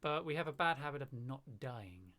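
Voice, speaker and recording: A man's voice: medium pitch, animated, moderate pace, pushed and bright. A young man from southern England with a southern English accent, streaming and chatting casually over a game, playful and jokey. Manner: jokey, playful, throws in silly bits. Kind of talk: casual gaming chat.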